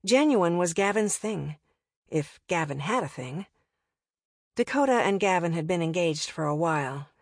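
A woman's voice: fairly low pitch, lively intonation, moderate pace, dry recording, clean studio sound. A woman narrating an audiobook in a wry, conversational way.

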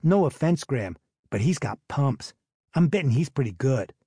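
A man voicing an excitable, brash teenage boy in an audiobook. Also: mid-range voice, moderate pace, slightly rough, no echo, studio quality. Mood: cocky. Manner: eager, brash.

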